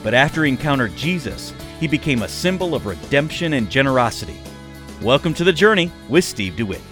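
A man announcing a radio program with a smooth, scripted introduction. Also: medium pitch, sing-song, brisk, fairly bright tone. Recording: faint music bed behind.

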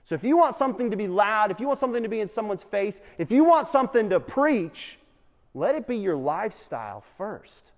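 A young adult man teaching a class, an animated storyteller who keeps asking the room questions. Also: sits high, a little fast. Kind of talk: lively classroom talk with questions to students. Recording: long reverb in a hall.

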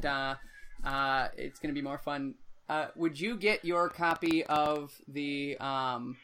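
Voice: medium pitch, fairly bright tone, smooth. A podcast co-host bantering playfully and teasing the other host. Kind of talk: casual banter.

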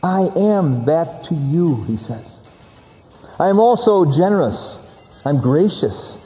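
A man's voice: a little high, very animated, takes it slowly, warm tone, big-room sound, faint music behind. A man preaching a sermon, stressing and repeating key words as he teaches from scripture.

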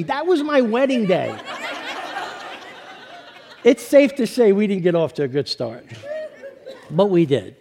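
A middle-aged man with a New York accent gives his testimony as a pastor. His voice sits a little high for a man. He tells jokes with animation, then drops low and quiet for the serious parts. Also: big pitch swings, a little slow, long pauses. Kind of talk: sermon testimony.

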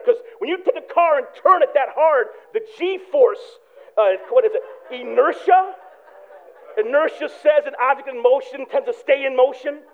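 A man preaching a sermon, telling a personal story with animated swings from hushed prayer to loud excitement. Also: extremely high pitch. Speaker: pastor. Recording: tinny phone-like sound.

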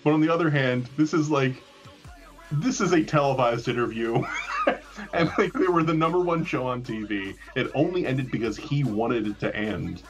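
A man co-hosting a podcast, chatting casually in an excitable way, often laughing. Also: mid-range voice, moderate pace, lo-fi sound, faint music behind. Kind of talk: casual chat.

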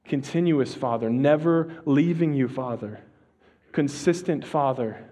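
A pastor with a mid-range voice preaches casually and conversationally, slipping in slang and restarting sentences. On key phrases he slows down to a hush.

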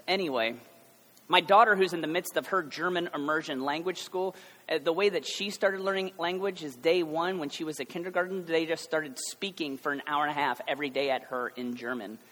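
American man in his thirties, preaching, slightly high voice, conversational with joking asides, grows emphatic, long reverb of a large hall. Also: fairly bright tone. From United States. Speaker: pastor. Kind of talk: sermon.

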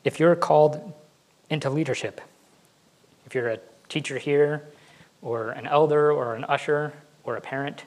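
A man's voice: on the high side, steady tone, normal speed, rough recording. A male pastor giving a conversational sermon, laughing now and then and acting out what his kids say. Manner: conversational, laughs often, acts out kids' voices.

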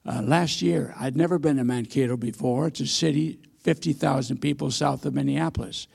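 A man's voice: mid-range voice, fairly even intonation, fairly quick, gravelly, a little mellow, slightly rough. A man in his eighties, a missionary preacher, giving a sermon in a church with folksy, self-deprecating stories and frequent hesitations. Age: 80s. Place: church sanctuary.

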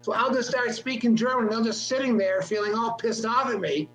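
High-voiced man in an echoey room. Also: a little fast, fairly bright tone. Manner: rambling storyteller with frequent restarts. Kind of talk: casual comedic chat. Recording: echoey room with faint hum.

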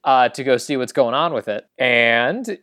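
A man's voice: mid-range voice, lively intonation, a little slow, bright, forceful tone, no echo. Male podcast co-host, casual rambling recapper, dry close sound. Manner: rambling, lots of "like" and quoted lines.

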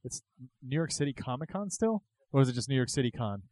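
A man's voice: medium pitch, sing-song, fast talker, a little mellow, no room sound. A man hosting a podcast, chatting loosely and joking while he steers the talk. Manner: joking and loose, runs the conversation. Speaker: podcast host. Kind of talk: casual chat. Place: convention hall booth.

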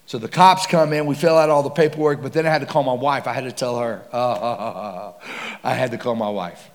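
A man preaching with dramatic storytelling, swinging from hushed to loud and excited. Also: mid-range voice, moderate pace. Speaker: pastor. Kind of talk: sermon storytelling. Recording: long hall reverb.

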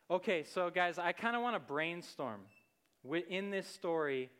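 Young man, casual sermon, chatty with lots of fillers, smooth voice pitched a bit high. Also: animated, unhurried, fairly bright tone. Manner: conversational, many fillers and "like".

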